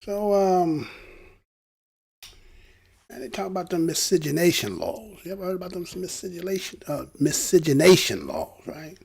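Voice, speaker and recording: A man talks to his viewers in a casual, preachy way and keeps asking them rhetorical questions. His voice is gravelly and husky, and his pitch swings widely as he talks. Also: big pitch swings, normal speed, darkish tone. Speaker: commentator. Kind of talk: casual talk to camera.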